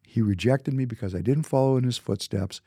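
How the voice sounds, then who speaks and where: Emphatic husky man in his fifties. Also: medium pitch, fairly quick, mellow, no room sound, clean studio sound. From Minnesota, United States. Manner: emphatic, repeats words for emphasis. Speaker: businessman. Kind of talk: casual storytelling monologue.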